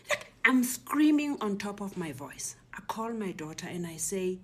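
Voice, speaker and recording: A woman giving a personal testimony, telling her story in a hushed, breathy half-whisper and quoting what others said. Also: fairly low pitch, expressive, moderate pace. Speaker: speaker recounting a personal ordeal.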